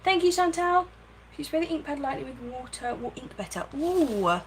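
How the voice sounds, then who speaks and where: A woman hosts a casual craft livestream from her home craft room, chatting, thinking aloud and thanking viewers by name. Her high-pitched voice is animated at a moderate pace, in a low-quality recording with slight background noise.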